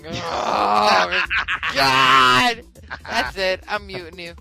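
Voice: mid-range voice, very slow, vocal fry, bright, forceful tone, soft background music. A podcast co-host in casual gaming chat who teases the host and laughs often.

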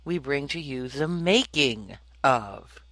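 Bright, crisp woman hosting a chat. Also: a bass voice, expressive, dry recording, low-quality recording. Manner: chatty and quick to curse and laugh. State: recovering from illness. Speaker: podcast host. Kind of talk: casual group chat over a call.

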